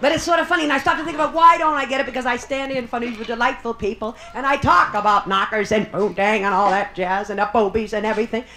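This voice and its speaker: A woman's voice: fairly high pitch, fairly even intonation, fast, hardly any pauses, a little hiss or hum. A woman doing bawdy live stand-up comedy in a Las Vegas showroom, teasing the audience with brassy banter. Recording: roomy live club recording, loud crowd.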